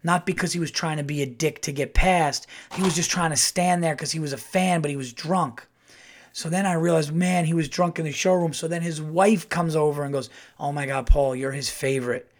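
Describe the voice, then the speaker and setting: A middle-aged man telling a casual, animated story as a comedian hosting his podcast. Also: a little fast. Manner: animated, acts out quotes in a louder higher voice.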